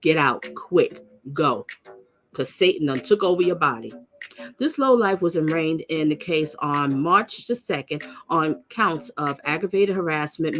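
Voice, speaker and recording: A middle-aged New woman with a fairly low voice reads crime news aloud in a casual way. She stumbles and corrects herself, and she stops now and then for blunt, scornful remarks that jump up high. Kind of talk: casual reading of news with commentary.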